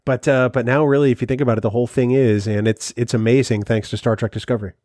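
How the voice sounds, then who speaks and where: A man co-hosting a casual podcast chat, upbeat and running quick promo plugs. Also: medium pitch, fairly even intonation, a little mellow, no room sound, studio quality. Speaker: podcast co-host.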